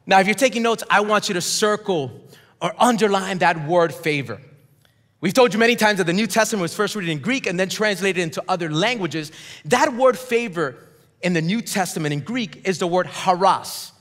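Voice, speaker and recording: High-voiced preacher in a reverberant church. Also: male voice. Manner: emphatic, swings between shouts and hushed drops; leads call-and-response with the congregation. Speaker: pastor. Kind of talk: sermon. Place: church sanctuary. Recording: long hall reverb.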